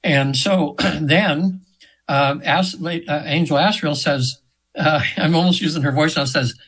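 A man's voice: a little high, steady tone, normal speed, fairly bright tone, low-quality recording. A man in his seventies, a hypnotherapist telling a story as a guest in an interview, earnest and rambling with many restarts. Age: 70s.

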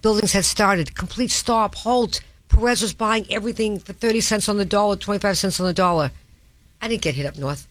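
A blunt, opinionated woman with a thick Boston North Shore accent holds forth as a talk radio host. She speaks at a middling pitch, emphatic and chatty, and her voice sits dry and close in the studio with no room sound. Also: brisk, no echo. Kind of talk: casual talk radio chat.

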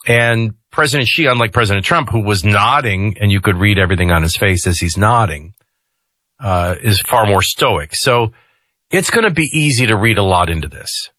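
A man's voice: lowish voice, expressive, normal speed, pushed and bright, dry recording. A man hosting a talk radio show, giving conversational commentary with jokey asides into a studio mic.

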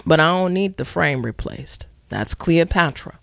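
A man hosts a radio call-in show from the studio, his fairly high voice rough and gravelly. He speaks with impassioned, preacherly emphasis and leans hard on slow, deliberate stresses. The sound is dry and close. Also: expressive, fairly bright tone, no room sound. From Chicago. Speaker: radio talk show host.

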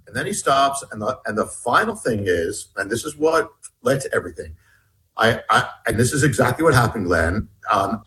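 An author appearing as a guest on an interview show tells a personal story with emphasis, his medium-pitched voice moving between raised and hushed tones.

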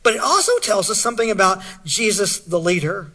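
Husky bright-voiced preacher man. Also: sits high, very animated, brisk. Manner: earnest, asks the audience questions, reads scripture aloud. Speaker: pastor. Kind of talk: sermon.

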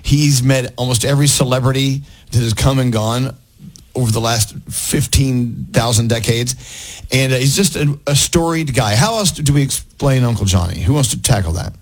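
A man's voice: medium pitch, moderate pace, poor audio. A middle-aged man co-hosting a radio morning show, chatting with a caller and telling stories with frequent restarts. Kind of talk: casual on-air banter with a caller.

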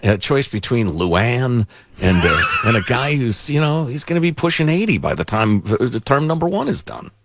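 A man's voice: lowish voice, gravelly, fairly bright tone, dry recording. A man co-hosting a podcast, with sarcastic, mock-indignant banter about politics. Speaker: podcast co-host. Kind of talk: casual political chat.

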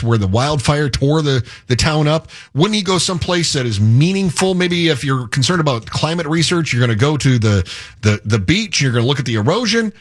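Male talk radio co-host, husky, lively sarcastic delivery. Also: a little high. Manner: sarcastic, joking. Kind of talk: casual political banter.

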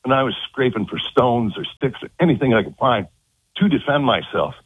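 A man telling of his abduction as an interview guest, halting and repeating words in earnest. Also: mid-range voice, lively intonation, husky, no echo. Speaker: guest recounting an abduction experience. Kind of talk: phone-in interview. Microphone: telephone. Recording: tinny phone line.

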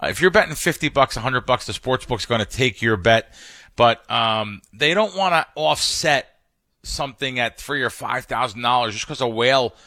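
A man with a bright, forceful voice talks through betting like a seasoned pro on a podcast. He stumbles and restarts mid-sentence, then drives his points home with emphatic stories. The recording is dry and close, with no room sound. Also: mid-range voice, expressive, moderate pace, dry recording. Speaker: professional sports bettor, guest. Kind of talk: casual podcast conversation.

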